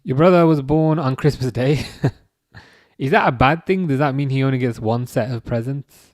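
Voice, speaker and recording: A man in his thirties hosting a live stream, chatting casually and reading out viewer comments with halting restarts and dry jokes. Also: mid-range voice, a little mellow, no room sound. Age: 30s.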